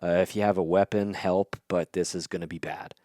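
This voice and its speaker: A man voicing a grim, curt red-haired warrior in a casual podcast retelling, in his own low voice. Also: steady tone, fairly quick, warm tone, no echo, clean studio sound, close to an everyday voice. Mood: urgent. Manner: curt, blunt.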